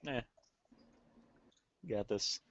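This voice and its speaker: A man's voice: drawn-out words, fairly bright tone. A man playing a tabletop game, laid-back and mumbling. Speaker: player. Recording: muffled recording.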